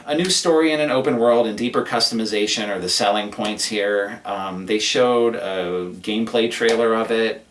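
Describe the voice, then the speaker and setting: A man's voice: on the low side, a bit bright, echoey room, distant mic, a little hiss or hum. A man giving a casual, rambling recap of a gaming event, sarcastic and prone to cursing. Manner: sarcastic, profane, rambling rant. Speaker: gaming commentator.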